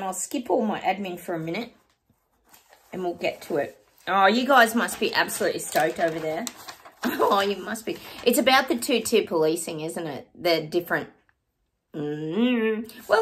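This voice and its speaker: Effusive woman chatting to viewers. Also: mid-range voice. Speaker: psychic channel host. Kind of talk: casual chat to viewers.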